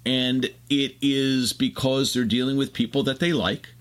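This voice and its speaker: A man's voice: medium pitch, steady tone. Man explaining ideas in chat. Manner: expansive, explanatory, fast bursts. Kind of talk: casual conversation, explaining ideas.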